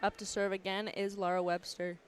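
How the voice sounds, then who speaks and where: A woman's voice: medium pitch, little pitch movement, normal speed. A woman calling a volleyball game play by play, naming each server and point as it happens. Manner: plain, calls serves and points by player number and name. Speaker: play-by-play commentator. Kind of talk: live volleyball commentary. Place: indoor gym. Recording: commentary over loud gym crowd and noise.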